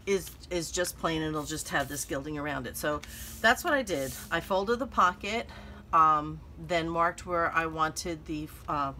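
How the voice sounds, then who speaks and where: A woman's voice: low voice, pushed and bright, slight background noise. A middle-aged woman hosting a crafting channel, chatting casually and thinking aloud with lots of fillers as she works. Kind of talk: casual crafting tutorial chat.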